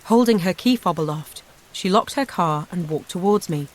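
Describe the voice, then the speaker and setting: A woman's voice: fairly low pitch, lively intonation, moderate pace. Woman narrating a memoir audiobook. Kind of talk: first-person memoir narration.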